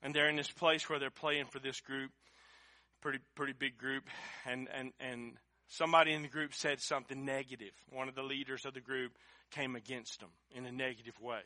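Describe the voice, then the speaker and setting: A middle-aged man preaching a sermon, impassioned, building up to shouting at its peaks. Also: medium pitch, level tone, brisk, no echo. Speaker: pastor.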